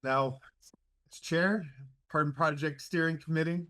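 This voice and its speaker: A man chairing a committee, presenting an award in a halting, emotional way over a video call. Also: a little high, steady tone, bright, forceful tone. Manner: emotional, halting, many fillers.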